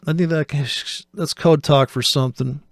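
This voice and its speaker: Snarky guy with a gravelly voice, pitched a bit high, riffing on a video, dry room. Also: fairly even intonation, moderate pace, a little hiss or hum. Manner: sarcastic, profane, rambling. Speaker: host reacting to videos. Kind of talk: casual commentary.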